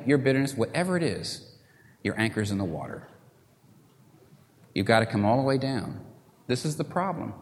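A man preaching a sermon, swinging from loud, urgent appeals down to hushed, quiet lines. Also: mid-range voice, big-room sound.

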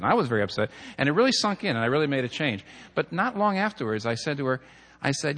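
A man's voice: medium pitch, big pitch swings, fast, fairly bright tone. A middle-aged man, a pastor, preaching a sermon with earnest storytelling and numbered points. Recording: long hall reverb.

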